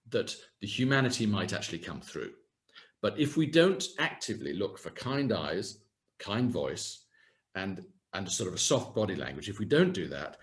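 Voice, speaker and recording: A man gives a coaching talk over a video call. His voice sits fairly low but rises and falls freely. He talks gently, often circling back to restart a phrase. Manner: gentle and lively, with frequent restarts. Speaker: communication coach. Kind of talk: webinar talk on video calls.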